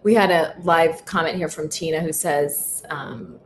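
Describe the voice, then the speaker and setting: A young adult woman hosting a podcast in casual chat, telling stories in an animated, self-deprecating way. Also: low voice, a little slow, a little hiss or hum. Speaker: podcast host.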